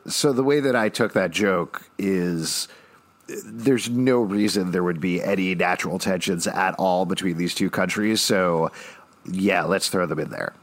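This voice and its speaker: A man with a fairly low voice talks through a TV episode on a podcast. His delivery is wry and conversational as he walks through the plot at length. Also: unhurried. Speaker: podcast co-host recapping a TV episode. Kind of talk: casual chat.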